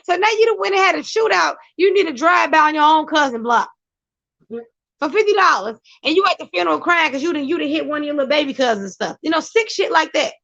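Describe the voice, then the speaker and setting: A woman giving life advice in an animated, slangy, storytelling way, laughing along as she talks. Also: high voice, fast, gravelly, muffled recording. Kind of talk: casual advice monologue.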